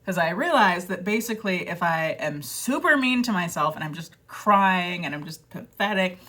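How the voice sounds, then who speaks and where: A woman's voice: on the low side, expressive, moderate pace, sharp tone. A woman vlogger chatting casually and self-deprecatingly, rambling with fillers and dropping into quoted voices. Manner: rambling with many fillers and restarts. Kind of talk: casual chat to camera.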